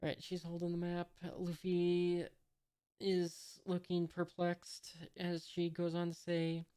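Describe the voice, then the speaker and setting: A woman's voice: on the low side, completely flat delivery, slow, mellow, clear, resonant tone, no echo, studio quality. A woman reading a comic aloud and commenting on it casually, hesitant and thinking aloud with many fillers. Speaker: reader reacting to a comic. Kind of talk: casual read-along with commentary.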